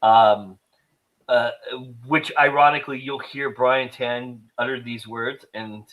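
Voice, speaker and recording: Man, mid-pitched voice, playful, teasing, stammers, podcast co-host. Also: steady tone, slow pace, fairly bright tone, poor audio. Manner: playful, laughs often, stammers. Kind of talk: casual film review chat.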